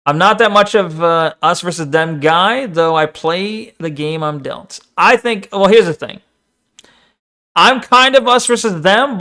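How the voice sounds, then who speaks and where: Reacting to a video in a casual chat, a male streamer talks a little slowly in a high, bright voice. Laughter and profanity come easily to him, and excitement makes him stammer.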